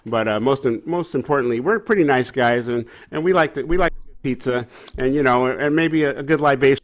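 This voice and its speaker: A man in his fifties, a singer and conductor, telling stories in a lively, animated way over a video call. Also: medium pitch, fairly quick. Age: 50s. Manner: lively, acts out other people's voices as he tells stories. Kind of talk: animated storytelling in a casual chat.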